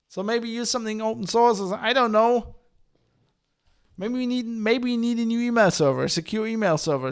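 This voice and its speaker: High-voiced man in a profane rant. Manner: profane, exasperated, many restarts and "like" fillers. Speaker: podcast host. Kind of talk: ranting podcast monologue.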